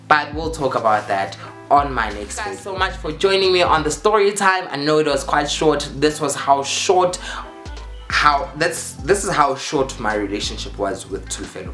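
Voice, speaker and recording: A man vlogging a casual storytime, animated and dramatic as he acts out the dialogue. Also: medium pitch. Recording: roomy echo, faint music.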